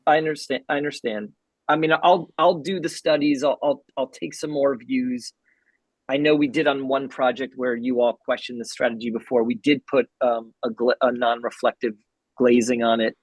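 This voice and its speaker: Man, architect type, presenting to a town commission, restarts a lot, husky and dry. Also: mid-range voice, fairly even intonation, dry recording, low-quality recording. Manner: earnest, halting with restarts. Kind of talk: public meeting presentation.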